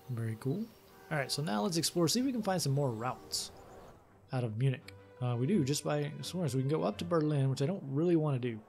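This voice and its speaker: A man from Louisiana hosting a let's play, reading the game's story text aloud and thinking out loud in a laid-back way. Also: fairly high pitch, animated, fairly quick, vocal fry. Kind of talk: reading game text aloud with casual commentary.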